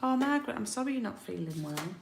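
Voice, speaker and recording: A woman's voice: a little high, big pitch swings, fast talker, creaky, slight background noise. A woman from the UK demonstrating card making in a chatty live tutorial, thinking aloud as she works. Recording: roomy home recording.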